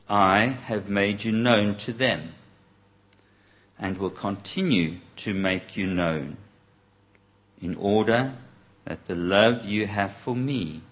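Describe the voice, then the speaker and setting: A man reading scripture aloud slowly and deliberately. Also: lowish voice, fairly bright tone. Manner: slow and deliberate. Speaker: scripture reader.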